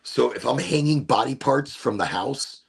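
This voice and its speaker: A man hosting his own podcast, rambling in a relaxed, playful and self-amused way. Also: medium pitch, normal speed, vocal fry, breathy edge. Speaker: podcast host. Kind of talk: casual stoned monologue.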